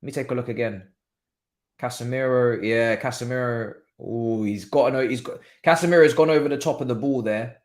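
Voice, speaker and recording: A man streaming a live football watchalong, talking excitedly in slang and thinking aloud. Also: medium pitch, brisk.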